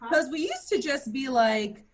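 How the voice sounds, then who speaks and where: A woman in her thirties doing a bawdy stand-up set, playful and crude, often jumping into high mock voices for punchlines. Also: big pitch swings, measured pace, slight background noise. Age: 30s. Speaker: stand-up comedian.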